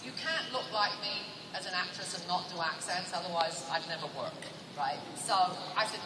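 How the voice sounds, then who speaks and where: A woman's voice: mid-range voice, brisk, hardly any pauses. A woman with an English accent, a guest on a convention panel, telling comic stories to a live audience in a playful, teasing way. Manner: animated, playful, teasing asides to the crowd. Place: large convention hall. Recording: echoey hall recorded from far off with loud crowd. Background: audience laughter and crowd noise.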